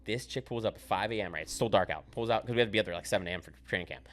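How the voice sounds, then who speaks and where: Fast-talking young man telling stories. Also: lowish voice. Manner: animated, profane, laughs through his stories. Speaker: podcast host. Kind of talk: casual podcast storytelling.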